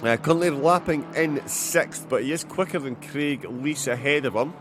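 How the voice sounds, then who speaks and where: A man with a Scottish accent giving live commentary on a sim race, with many fillers and bursts of excitement at incidents. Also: fairly high pitch, moderate pace, over music.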